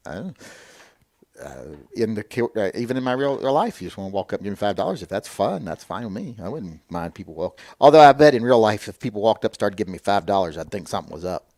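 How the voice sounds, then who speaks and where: A man's voice: on the low side, animated, fast, darkish tone, no echo. Blunt opinionated man, dry sound. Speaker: livestream host. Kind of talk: casual livestream chat, reading viewer comments.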